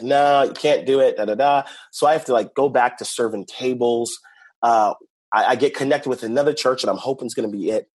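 A man who works as a youth pastor, telling stories in an animated way, repeating words and laughing often. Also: mid-range voice, slightly rough. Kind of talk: casual conversational interview.

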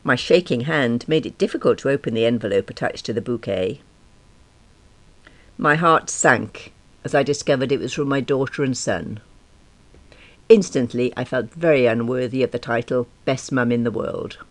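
A woman's voice: rumbling low, moderate pace. Wry woman reading her diary story. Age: around 50. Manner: wry, self-deprecating and expressive. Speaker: narrator. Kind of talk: first-person diary-style story reading.

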